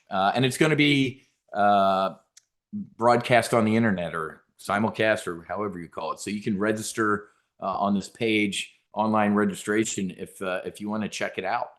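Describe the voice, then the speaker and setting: A middle-aged man hosting a trading show, telling stories in a rambling, animated way with many fillers. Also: sits low. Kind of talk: casual livestream talk.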